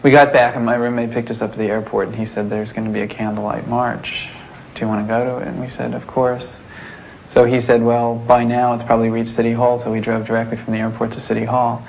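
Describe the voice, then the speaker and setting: A man recounts events in a documentary interview in a plain, steady way. His voice is gravelly and very flat in pitch. The recording is dull and lo-fi, with faint ambience behind him. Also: fast talker, slight background noise.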